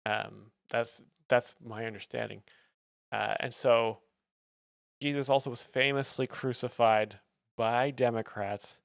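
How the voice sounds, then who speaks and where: A man giving deadpan, mock-serious commentary as a comedy stream host, with plenty of fillers. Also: mid-range voice, gravelly, no room sound, clean studio sound.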